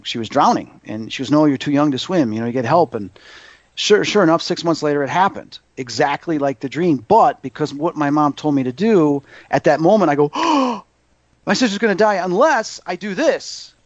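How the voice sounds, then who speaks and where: Brief: man in his fifties, higher voice, lively storyteller, dry muffled sound. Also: brisk, no room sound. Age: 50s. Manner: animated, acts out quoted voices. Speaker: psychic medium guest. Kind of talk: casual storytelling interview. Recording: dull muffled audio.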